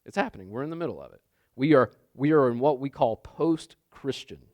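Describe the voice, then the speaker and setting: A man's voice: medium pitch, expressive, fairly quick, no echo, dull audio. A man preaching a sermon in a loose, conversational way, repeating phrases and checking in with his listeners. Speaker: pastor.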